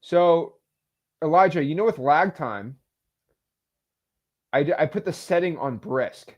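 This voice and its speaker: A man hosting a live stream, talking casually and excitedly to his chat and joking with the viewers. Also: a little high, a little slow, lo-fi sound. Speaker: host of a live stream on real estate cold calling.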